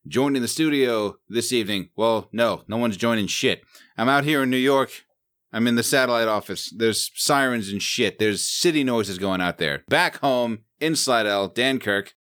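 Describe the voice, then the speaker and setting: A man's voice: mid-range voice, normal speed, fairly bright tone. A man hosting a podcast from a remote setup, joking around in casual banter and swearing freely. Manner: profane, joking. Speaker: podcast host.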